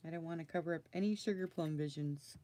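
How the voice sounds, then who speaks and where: A woman's voice: sits low, quick pace, mellow, a little hiss or hum. A woman crafter talking casually through her project, muttering to herself and getting flustered. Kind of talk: casual crafting video talk.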